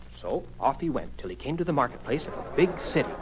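A man narrating a children's story in an expressive storybook cadence. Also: fairly high pitch, fairly quick, hardly any pauses, poor audio. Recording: music playing behind.

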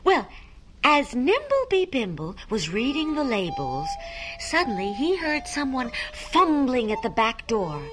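A woman reading a children's story aloud, animated and coaxing listeners to repeat tongue twisters. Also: sits high, unhurried, over music.

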